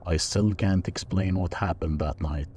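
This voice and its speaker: A man reading a scripted first-person horror story in a slow, measured, even delivery. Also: sits low, a little hiss or hum. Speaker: narrator.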